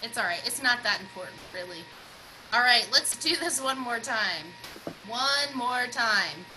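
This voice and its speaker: A woman's voice: on the high side, lively intonation, moderate pace, sharp tone, rough recording. A woman leading a band rehearsal over a video call, in an upbeat, chatty, coaching way. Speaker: band director. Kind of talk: online rehearsal talk. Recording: music playing in the background.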